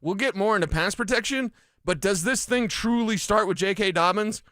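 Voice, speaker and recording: A man's voice: high-pitched, moderate pace, bright, forceful tone, dry recording. A man from Colorado co-hosting a sports radio show, breaking down plays in a chatty, joking way in a studio. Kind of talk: casual sports talk radio. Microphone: studio microphone.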